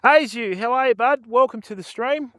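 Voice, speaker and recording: A man's voice: extremely high pitch, moderate pace, fairly bright tone, no echo, clean studio sound. An older Australian man chatting casually on a fishing livestream outdoors by a river, greeting viewers and often adding "mate" and "you know".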